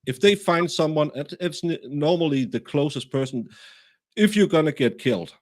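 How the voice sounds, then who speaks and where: A man hosting a livestream, reading viewer comments aloud and halting often as he searches for words. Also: a little high, expressive. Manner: halting, many fillers and restarts. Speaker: host.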